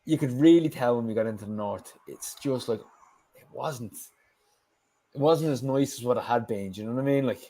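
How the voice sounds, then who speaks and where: A man's voice: mid-range voice, brisk, dark tone. An Irish man, a guest on a show, telling a story in casual chat, with lots of fillers and the odd swear word.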